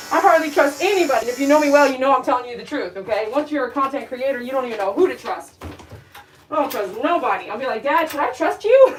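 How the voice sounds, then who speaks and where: Woman groomer, a bit high-pitched, blunt and chatty, with loud clipper buzz behind her. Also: a little hiss or hum, low-quality recording. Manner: chatty, blunt, talks to the dog and viewers. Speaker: dog groomer. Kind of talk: casual talk while grooming. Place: grooming room.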